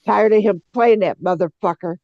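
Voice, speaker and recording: A man's voice: sits high, normal speed, no echo, highs cut off. A man in a casual group chat, speaking bluntly and swearing. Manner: blunt and profane.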